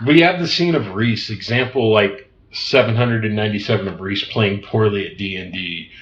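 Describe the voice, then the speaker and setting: A man co-hosting a casual film review podcast, animated and laughing often as he acts out scenes. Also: on the low side, moderate pace. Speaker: podcast co-host. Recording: echoey room, dull lo-fi sound.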